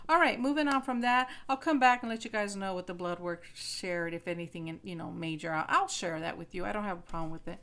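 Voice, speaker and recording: A woman's voice: mid-range voice, a bit bright. Chatty woman in her fifties. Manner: chatty, repeats words, retells dialogue. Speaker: vlogger. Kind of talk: casual chat to camera.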